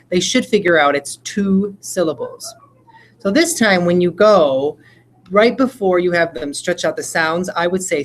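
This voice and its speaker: A woman with a low voice leads other teachers through a spelling lesson in a relaxed, explanatory way. She breaks words into single sounds and letters as she goes, and faint room ambience sits behind her. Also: a little hiss or hum, poor audio. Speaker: teacher trainer. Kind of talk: casual instructional walkthrough.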